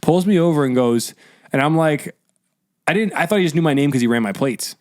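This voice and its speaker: A man's voice: a little high, brisk, dry recording, studio quality. Young New man telling a story. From New Jersey. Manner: animated storytelling. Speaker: podcast host. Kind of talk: casual chat.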